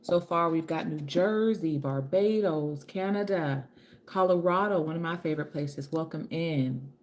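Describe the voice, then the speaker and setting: A woman's voice: low-pitched, a little slow, a little mellow. A woman hosting a casual livestream from her home, chatty and affectionate, greeting viewers by name and calling them honey. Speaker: livestream host and author. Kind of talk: casual live-stream chat. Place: home with kitchen and ring light.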